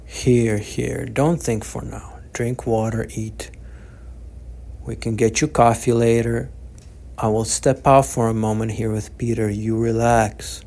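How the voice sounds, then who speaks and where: A gentle, devout old man, as a male narrator voices him, speaking slowly and softly with a gravelly, creaky texture. His tone stays calm and reassuring, each phrase unhurried. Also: on the low side.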